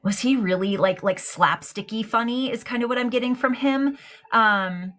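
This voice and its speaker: A woman's voice: fairly high pitch, moderate pace, fairly bright tone. A woman giving a live-streamed mediumship reading, affectionate and hesitant, full of ums and likes. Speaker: psychic medium.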